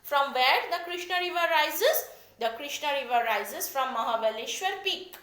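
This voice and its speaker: Brief: high, lively Indian woman teacher, dictating a lecture in an echoey room. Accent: Indian English. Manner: repeats key points slowly, spells words out. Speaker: geography teacher. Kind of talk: classroom lecture.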